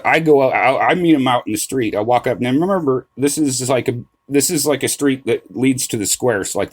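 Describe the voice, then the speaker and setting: A middle-aged card-collecting vlogger with a mid-range voice tells a story casually and animatedly. He restarts sentences, swears, and keeps tossing in "right?"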